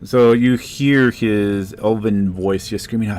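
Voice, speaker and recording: A man narrating a tabletop game as game master, halting and searching for words. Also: on the low side, fairly even intonation, darkish tone, faint music behind.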